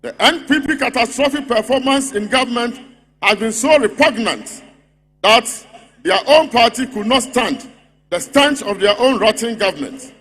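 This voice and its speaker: A Ghanaian man with a high voice delivers a rally speech in a mocking, rhetorical manner. He keeps hammering a repeated refrain, and his voice rings with the long reverb of a big congress hall. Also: expressive, moderate pace, a bit bright, slightly rough. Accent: Ghanaian English. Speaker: party speaker at a congress.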